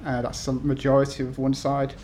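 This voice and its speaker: A man's voice: mid-range voice, completely flat delivery, brisk, noisy background. A man in his thirties from the UK, an author talking to an event audience with many ums and restarts, then reading his essays aloud. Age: 30s.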